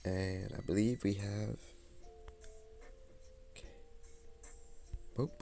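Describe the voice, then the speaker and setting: Low gravelly streamer muttering to himself. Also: male voice, steady tone, takes it slowly, dark tone, faint music behind. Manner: muttering to himself while fiddling with settings. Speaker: live streamer. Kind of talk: rambling live-stream chat. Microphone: phone.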